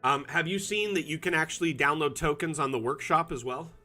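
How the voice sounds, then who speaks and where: A man's voice: fairly high pitch, brisk, bright, forceful tone, soft background music. A middle-aged man chatting casually on a live stream, with many fillers and restarts. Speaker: community manager streaming a map build.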